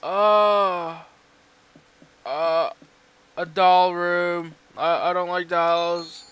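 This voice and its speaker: A man's voice: high voice, little pitch movement, very slow, fairly bright tone, clean tone. A man giving horror game commentary, swearing a lot and yelping in panic at the scares. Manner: jumpy, swearing, yelps and shrieks in panic. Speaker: let's play gamer.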